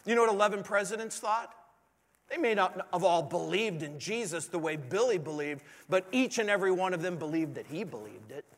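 A man's voice: sits high, animated, fairly quick. A man preaching a sermon as a pastor, earnest and pleading, with many rhetorical questions. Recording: long hall reverb.

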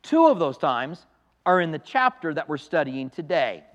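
High-voiced man preaching in a church hall. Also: big pitch swings, normal speed, lo-fi sound. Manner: emphatic, conversational preaching with asides. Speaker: pastor. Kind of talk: preaching a sermon with prayer. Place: church sanctuary.

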